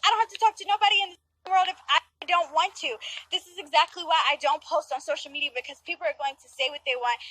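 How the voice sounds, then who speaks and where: A woman's voice: high voice, bright, forceful tone, no echo, rough recording. A woman in her early twenties ranting in a heated, defiant, emphatic way in a social media video. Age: 20s.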